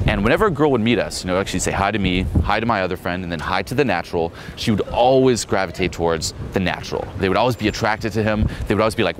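A man's voice: low voice, lively intonation, fast talker, background noise. A young man giving a casual dating-coach talk outdoors, swearing freely, full of fillers and acted-out quotes.

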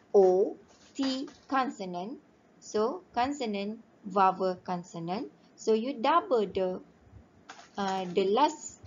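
A woman teaching a recorded primary-school English grammar lesson, slowly spelling out words letter by letter. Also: medium pitch, a little hiss or hum. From Malaysia. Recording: dull lo-fi home recording.

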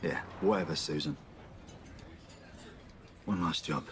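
An actor playing a blunt, sardonic debt collector who swears freely, in film drama dialogue. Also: male voice, deep voice, slow pace, a bit bright, a little hiss or hum. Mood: sarcastic.

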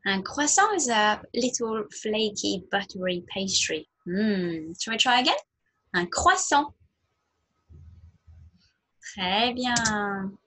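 A French teacher leads a slow nursery language lesson, modelling words in a sing-song way for small children to repeat. Her voice is medium-pitched and a bit bright.

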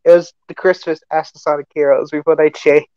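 Goofy low-voiced young woman. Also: flat delivery, brisk, dark tone, no room sound, lo-fi sound. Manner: goofy, silly noises. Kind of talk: casual chat.

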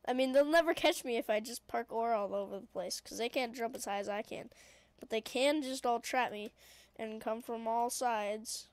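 Woman, high voice, gameplay commentary, excitable, voice cracks, sniffly, dry close recording. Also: normal speed, dry recording. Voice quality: prone to voice cracks. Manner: excitable, shrieking and chattering at the game. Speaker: gaming video creator.

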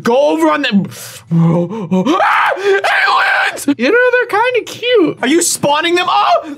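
A young man giving excited, playful commentary as he plays a building game, teasing his friend and yelping at surprises. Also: on the high side. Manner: hyper, playful, teasing, jumps to sudden yelps. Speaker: gaming YouTuber.

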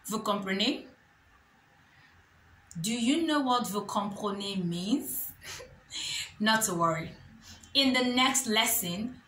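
A woman teaches a beginners' lesson at an unhurried pace, saying each phrase slowly and clearly before repeating it. Her voice is bright and forward, and a small echoey room with faint background noise carries it. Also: mid-range voice. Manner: repeats phrases slowly and carefully, with light laughs. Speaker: French teacher. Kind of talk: slow, clear language lesson.

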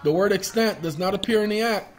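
A man whose voice sits high talks at a quick pace, backed by soft music. He hosts his own video in casual screen-share commentary, rambling through the documents on his screen, calling viewers y'all and singing bits of songs.

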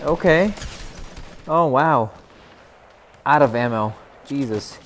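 A young man streaming a shooter game live, chattering excitably and teasing his chat. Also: normal speed, pauses often. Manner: excitable, yelps in sudden high bursts.

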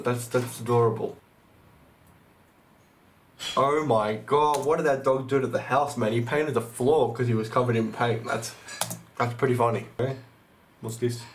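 Gushing man reacting on his channel. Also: medium pitch. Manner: gushing, exclaims often, swears casually. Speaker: channel host. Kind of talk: casual reaction commentary.

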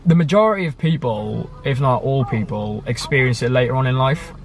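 A man's voice: medium pitch, a little fast, vocal fry, soft background music. A young man from the UK in a casual conversation about his life. He rambles, using many fillers and self-corrections. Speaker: guest sharing his story.

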